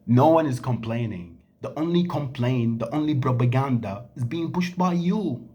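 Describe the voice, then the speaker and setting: A man's voice: mid-range voice, lively intonation, normal speed, mellow, dull audio. Angry, emphatic Syrian man. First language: Arabic. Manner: angry, emphatic, rhetorical questions. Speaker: vlogger. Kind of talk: impassioned monologue to camera.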